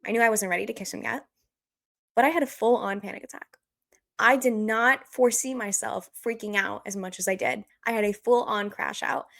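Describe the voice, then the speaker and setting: A woman's voice: mid-range voice, a little fast, creaky, fairly bright tone. Earnest woman hosting a podcast. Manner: earnest, open, speaks from the heart. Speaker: podcast host. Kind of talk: casual heartfelt chat.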